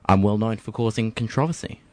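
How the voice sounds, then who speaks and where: Laid-back deep-voiced radio host. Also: male voice, a little fast, no room sound. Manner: relaxed, joking, runs the game. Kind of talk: hosting a radio show.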